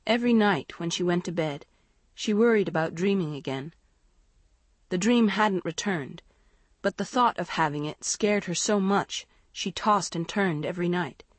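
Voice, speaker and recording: Slow, husky woman narrator. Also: on the low side, no room sound. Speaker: audiobook narrator. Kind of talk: scripted narration.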